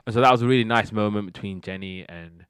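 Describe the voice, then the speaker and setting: A man's voice: lowish voice, fast, fairly bright tone, smooth, dry recording, clean studio sound. A man casually recapping TV sitcom episodes, rambling with lots of fillers and slipping into quoted character lines. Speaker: TV review podcast host.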